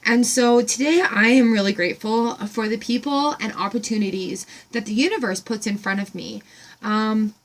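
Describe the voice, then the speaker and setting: A woman talks straight to camera from home in a casual gratitude vlog. Her voice sits a little high, and she rambles in an excited way, full of ums and restarts. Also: moderate pace. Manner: excited, rambling, filler-heavy. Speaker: vlogger.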